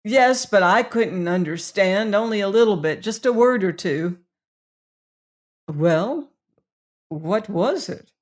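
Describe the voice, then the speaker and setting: A woman's voice: medium pitch, animated, takes it slowly, long pauses. A woman reading an audiobook, voicing a hysterical male prisoner who shrieks and gasps out repeated cries. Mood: shaken.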